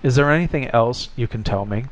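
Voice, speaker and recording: A man's voice: mid-range voice, a little fast, close to an everyday voice. A man voicing a young man in love who answers with dry, good-humored wit, in a slightly muffled recording. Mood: wry.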